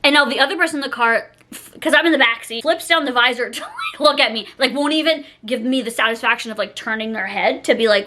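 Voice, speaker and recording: A woman's voice: on the high side, brisk, pushed and bright. A young woman telling embarrassing stories in a casual vlog, chatty and self-mocking, laughing often.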